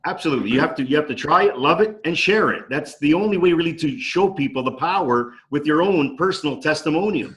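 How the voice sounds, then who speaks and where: A man's voice: on the high side, expressive, fast talker, few pauses, a bit bright, low-quality recording. A man in casual storytelling on a video call from his dining room, enthusiastic and acting out quoted dialogue. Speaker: company co-founder. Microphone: video call microphone.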